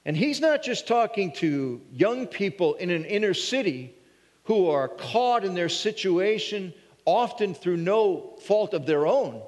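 Earnest preacher in a reverberant hall. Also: male voice, high voice. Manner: earnest, wrestling with questions aloud, restarts. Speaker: pastor. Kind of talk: sermon.

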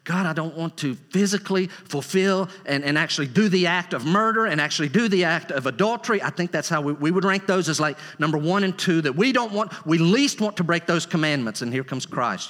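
A man preaching a sermon as a pastor, emphatic and rising into high, excited bursts. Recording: long reverb of a large hall.

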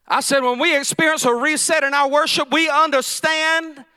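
A middle-aged pastor, preaching a sermon with rising shouts and drawn-out emphasis. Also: male voice, extremely high pitch, fairly even intonation, no room sound.

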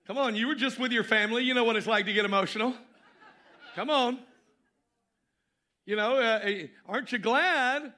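A man preaching a sermon to his congregation, repeating key phrases and swinging between loud emphasis and quieter asides. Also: very high-pitched. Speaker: pastor.

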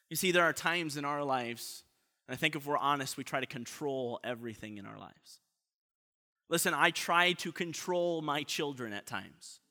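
A man preaching a sermon in an earnest way, often letting his voice drop soft at the ends of points. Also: on the high side. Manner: earnest, often trailing off softly. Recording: long reverb of a large hall.

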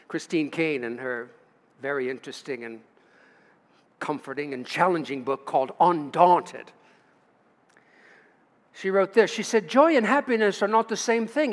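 Pastor preaching in a reverberant church. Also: male voice, sits high. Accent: American. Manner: emphatic preaching with long pauses and rising stresses. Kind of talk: sermon. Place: church sanctuary. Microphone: livestream from the pulpit.

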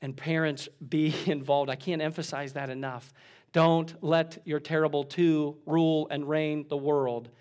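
Middle-aged man, pastor, preaching, slightly high voice, swells loud then drops quiet. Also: little pitch movement, measured pace, clear, resonant tone. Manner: exhorting, rising to emphatic peaks then dropping soft. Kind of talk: sermon.

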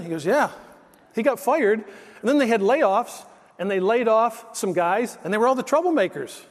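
A man's voice: high-pitched, big-room sound. A male pastor preaching a sermon, telling stories in an emphatic, conversational way.

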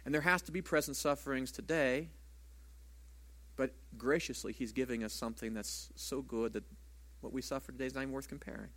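A man's voice: medium pitch, brisk, a bit bright. A man preaching a sermon as a pastor in a church, talking conversationally and asking the congregation rhetorical questions.

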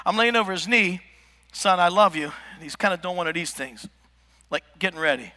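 A man preaching a comedic sermon, telling stories with lively asides to the congregation. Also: sits high, quick pace. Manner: animated storytelling with asides to the congregation. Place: large church hall. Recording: echoey church hall.

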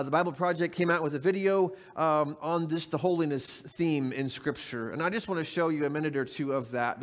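Male pastor, sermon, chatty and repetitive for emphasis, lightly raised pitch, reverberant sanctuary. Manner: conversational, repeats words for emphasis. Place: church sanctuary.

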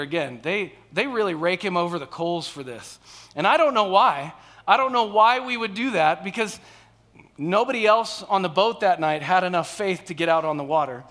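A man's voice: high-pitched, pushed and bright. A man preaching a sermon from a stage, conversational, often checking in with the crowd. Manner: conversational, frequent "all right?" and "okay?" check-ins.

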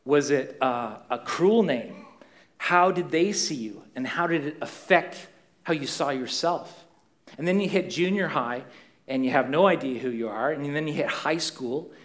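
A man's voice: fairly high pitch, measured pace, a bit bright. Questioning male pastor preaching. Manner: questioning, conversational with fillers. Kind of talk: sermon. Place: church.

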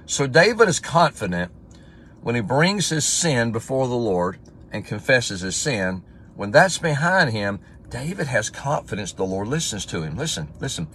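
A man's voice: mid-range voice, very animated, moderate pace, a bit bright, a little hiss or hum. A man giving a casual livestream devotional as pastor, talking in a conversational way and reading scripture aloud with emphasis.

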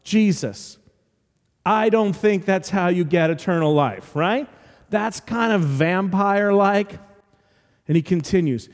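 Male pastor, high voice, lively storytelling sermon, long hall reverb. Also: unhurried. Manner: animated storytelling with humorous asides.

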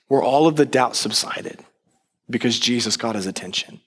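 A man preaching as a pastor, telling the story in a conversational, animated way and acting out quoted lines. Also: medium pitch, moderate pace, slightly rough. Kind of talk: sermon. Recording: long reverb of a large hall.

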